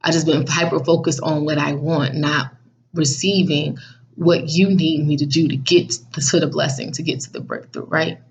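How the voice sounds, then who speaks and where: Woman, faith vlogger, animated, slangy, laughs a lot, lowish voice. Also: moderate pace, vocal fry, a little hiss or hum. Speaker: vlog host. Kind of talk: casual devotional vlog. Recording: dull, muffled recording.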